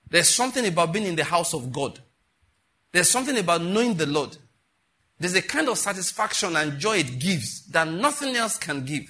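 A man preaching with a bright, forceful voice that has a husky edge. He sits a little high for a man and tells his stories with animation, slipping into the voices of the people he describes. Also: moderate pace. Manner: animated storytelling, acts out quoted voices. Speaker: pastor. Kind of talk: sermon with personal stories.

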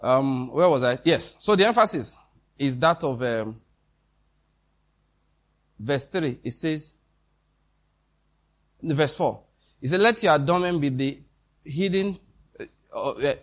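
A man preaching a sermon in a conversational way, with quoted dialogue and questions to the congregation. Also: on the high side.

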